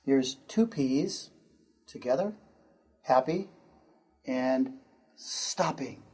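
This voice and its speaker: American man, English teacher, very slow, deliberate delivery, repeats words for students, mid-pitched voice. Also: darkish tone, slight background noise. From United States. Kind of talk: pronunciation lesson.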